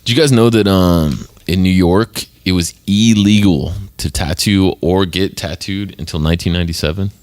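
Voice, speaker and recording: Deep-voiced man telling a rambling story. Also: normal speed, hardly any pauses, a little mellow. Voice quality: low voice, swears freely, acts out quoted people. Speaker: podcast host, former tattoo artist. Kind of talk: casual storytelling chat.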